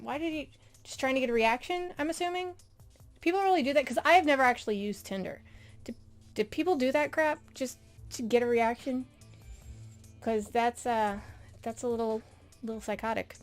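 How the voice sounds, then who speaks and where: A woman's voice: on the high side, moderate pace, soft background music. A woman hosting a casual video, reading out posts with chatty, sarcastic commentary. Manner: sarcastic, chatty, laughing asides. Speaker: video host.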